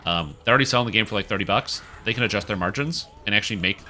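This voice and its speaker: A man's voice: lowish voice, very fast, pushed and bright, a little hiss or hum. A man streaming a video game and chatting casually in a rambling way with many fillers. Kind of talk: casual gaming commentary.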